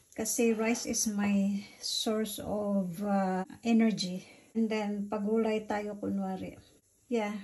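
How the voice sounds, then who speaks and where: A woman's voice: medium pitch, darkish tone, slight background noise, rough recording. A woman in her forties from the Philippines with a Bisaya accent, chatting casually in her home kitchen for her vlog. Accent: Bisaya-accented English. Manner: chatty, switches between English and Tagalog. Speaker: vlogger.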